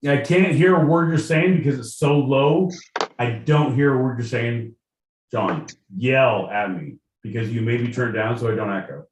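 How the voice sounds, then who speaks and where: A man's voice: mid-range voice, moderate pace, slight background noise. A man co-hosting a casual comedy podcast, blunt and swearing freely. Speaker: podcast co-host. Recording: echoey room, mic at a distance.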